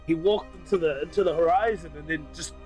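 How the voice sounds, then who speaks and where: A man's voice: on the high side, a little fast, darkish tone, soft background music. A man playing a tabletop game, joking and laughing often in casual chat. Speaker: player.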